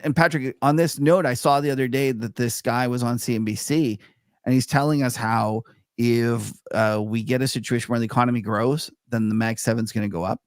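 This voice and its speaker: A man's voice: mid-range voice, no room sound, clean studio sound. A man co-hosting a podcast, talking markets in a loose, casual way with lots of fillers and easy laughs. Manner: loose, filler-heavy talk, laughs easily. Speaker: podcast co-host.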